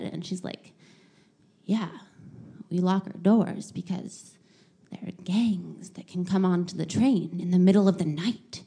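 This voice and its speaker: A young woman telling a travel story in a casual, animated way, laughing often and saying "like" a lot. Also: fairly low pitch, breathy edge. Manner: animated, laughing often, many filler likes.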